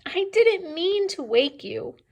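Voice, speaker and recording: A woman's voice: very high-pitched, sing-song, takes it slowly, vocal fry, a little mellow, pitched above the performer's own voice, full character voice. A woman voicing a tiny male mouse who begs for his life in a storybook read-aloud. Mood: pleading. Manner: begging, breathless pleading.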